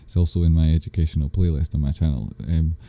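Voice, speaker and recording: A man with a low, very dark voice hosts a live stream. He reads viewers' questions aloud and answers in a loose, rambling way, correcting himself often. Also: level tone, fast. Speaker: livestream host answering chat. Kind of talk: casual live-stream chat.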